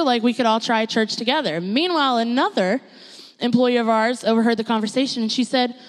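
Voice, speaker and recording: A young woman giving a personal testimony in church, telling her story in an animated way and acting out what others said. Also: a little high, a little fast. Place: church sanctuary. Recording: long reverb of a church hall.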